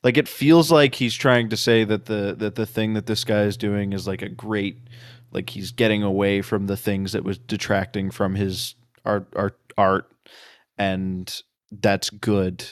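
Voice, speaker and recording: A man's voice: lowish voice, steady tone, unhurried, dry recording, studio quality. A man co-hosting a casual book discussion podcast, musing hesitantly with many fillers. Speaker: podcast co-host.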